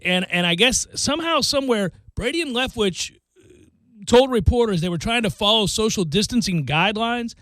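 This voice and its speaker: A man hosting a sports radio show, chatting casually and acting out quotes with lively bursts. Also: sits high, no echo. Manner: animated, acts out quotes in bursts. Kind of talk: casual talk radio banter. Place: radio studio.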